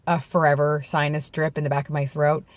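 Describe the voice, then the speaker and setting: A man with a gravelly voice worn by vocal nodes, a bit hoarse from throat clearing, talking candidly to camera outdoors in a reflective, halting way. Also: on the high side, little pitch movement, a little hiss or hum. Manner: reflective and halting, with restarts and self-corrections. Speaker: vlogger. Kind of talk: candid personal talk to camera. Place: outdoors in bright daylight.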